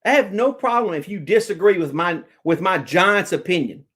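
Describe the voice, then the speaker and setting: Excitable male fan vlogger, very high voice, rambling rants full of restarts. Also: normal speed. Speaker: sports vlogger. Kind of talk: casual fan rant to camera.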